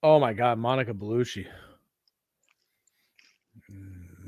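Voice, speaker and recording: A man's voice: on the high side, lively intonation, normal speed, no echo. Crude joking man on a dry mic. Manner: crude, joking, puts on voices. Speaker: podcast co-host. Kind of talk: casual chat.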